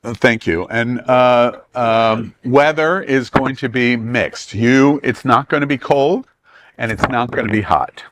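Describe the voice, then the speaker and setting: A man's voice: medium pitch, unhurried, fairly bright tone. A man with a Southern US accent, hosting a travel club and briefing a group in a meeting room in a chatty, joking way.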